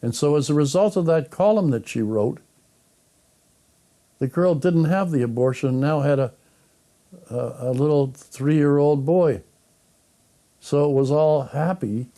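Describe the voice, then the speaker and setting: A man's voice: on the high side, measured pace, long pauses, dark tone. An older man, a guest being interviewed, recounting anecdotes and acting out remembered conversations. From Canada. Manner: anecdotal, acts out remembered dialogue. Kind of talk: interview storytelling.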